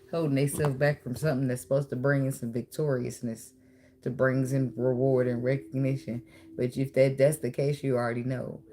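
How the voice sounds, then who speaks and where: A woman gives a casual, animated tarot reading, talking straight to her viewers. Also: very deep voice, noisy background. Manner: animated, talks to viewer, bursts into song and laughter. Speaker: tarot reader.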